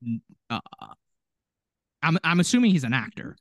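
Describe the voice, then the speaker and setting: A man's voice: on the high side, normal speed, no echo, studio quality. A young man co-hosting a podcast, chatting casually and acting out quotes in little voices. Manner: animated, puts on voices when quoting people. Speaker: podcast co-host. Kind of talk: casual chat.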